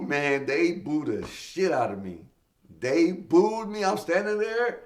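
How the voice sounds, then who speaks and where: A man's voice: a little high, lively intonation, unhurried. A middle-aged man, a stand-up comedian guest, telling casual stories in an interview, acting out quoted voices and swearing freely. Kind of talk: casual storytelling in a podcast interview.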